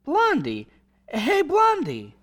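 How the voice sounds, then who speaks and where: An actor playing a flustered, excitable husband and father in a 1940s radio drama. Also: extremely high pitch, takes it slowly, heavily acted. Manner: flustered, exclaiming.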